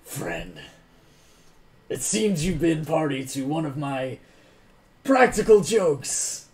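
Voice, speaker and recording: A man puts on a scheming dwarf crime boss in a tabletop game, a male bully who turns sugary and then snaps with sudden temper. His voice leaps high and loud when he flares. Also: sing-song, exaggerated voice. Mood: falsely chummy. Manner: mock-friendly, bullying, quick to flare up.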